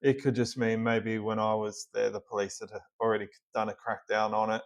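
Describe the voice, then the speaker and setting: A man's voice: on the low side, little pitch movement, brisk. A man with an Australian accent, casually commenting on a clip and giving plainspoken, practical advice. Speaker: reaction video host.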